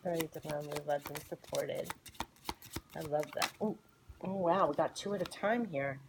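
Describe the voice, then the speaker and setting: A woman's voice: deep voice, normal speed, background noise. A woman reading oracle cards in a soothing, gushing way, often repeating her phrases. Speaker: tarot and oracle card reader. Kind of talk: spiritual card reading monologue. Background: shuffling cards.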